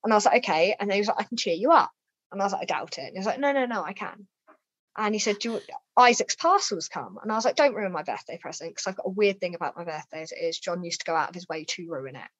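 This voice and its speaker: A woman's voice: lowish voice, quick pace, slightly rough, no echo. A woman, a guest telling her personal story in an interview and acting out the voices of people she quotes. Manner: lively, acts out quoted dialogue with raised voice. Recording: slightly dull, dry lo-fi sound.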